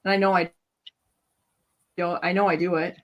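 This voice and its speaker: A woman's voice: lowish voice, little pitch movement, normal speed, highs cut off. A woman with a Michigan accent co-hosting a casual online talk show, chatting and laughing and clipping the ends of her words. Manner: chatty, laughing, drops word endings. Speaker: co-host. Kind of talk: casual chat.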